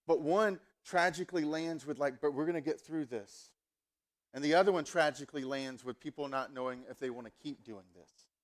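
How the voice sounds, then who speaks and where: Animated, higher-voiced male pastor preaching. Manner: conversational, animated storytelling. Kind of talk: sermon. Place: church service.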